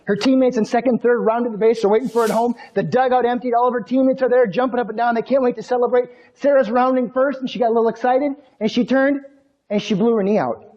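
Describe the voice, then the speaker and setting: Man, motivational speaker, high voice, energetic, storytelling. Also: quick pace, lo-fi sound. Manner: energetic, storytelling, addresses audience directly. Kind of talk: keynote speech to an audience.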